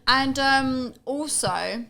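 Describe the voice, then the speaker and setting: A woman's voice: high voice, very slow, creaky, pushed and bright. A young British woman co-hosting a podcast, casually reacting to a clip in an emphatic, gossipy, opinionated way. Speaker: podcast co-host.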